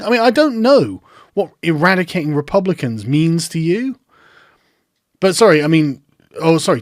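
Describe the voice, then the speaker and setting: A man's voice: high voice, no echo. A man giving sarcastic commentary in a mocking, incredulous way, close to the mic. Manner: mocking, incredulous, breaks into laughter. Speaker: online commentator.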